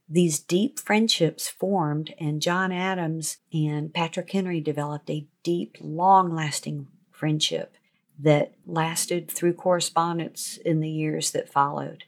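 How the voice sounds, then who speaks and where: A woman author reflecting earnestly on her podcast. Her voice is low and carries a gravelly fry, delivered calmly and thoughtfully.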